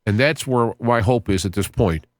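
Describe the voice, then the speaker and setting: A man's voice: moderate pace, no room sound. Earnest rambling man on a dry mic. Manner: rambling, restarts phrases, reads Bible passages aloud; earnest, sudden rises in pitch when excited. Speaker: podcast host. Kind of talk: casual talk on scripture.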